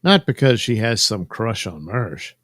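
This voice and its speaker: A man's voice: fairly low pitch, very animated, a little slow, fairly bright tone, no room sound. A man hosting a casual commentary while coloring drawings, rambling and sardonic, trailing off into fillers. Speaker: host.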